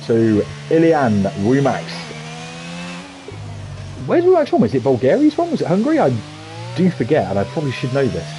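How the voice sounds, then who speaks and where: A man with a Scouse accent commentating a sim racing league, excitable and jokey. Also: brisk, noisy background. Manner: excitable and jokey, pitch leaping on big moments. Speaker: race commentator.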